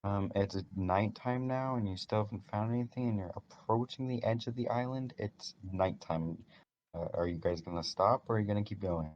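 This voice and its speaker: A man narrating as game master in a casual tabletop session, with halting restarts. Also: lowish voice, muffled recording, a little hiss or hum.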